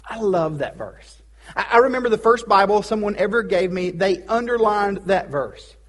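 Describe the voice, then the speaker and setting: A man's voice: high voice, lively intonation, moderate pace, a bit bright. A man preaching a sermon as pastor, casual and joking, with pop-culture asides.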